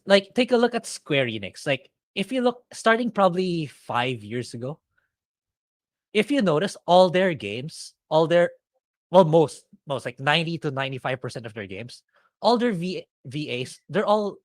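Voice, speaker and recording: A man co-hosting a laid-back podcast, animated as he argues his view. His pitch swings widely and sits slightly high. The recording is close and dry. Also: normal speed, no echo. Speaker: podcast co-host. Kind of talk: casual podcast chat.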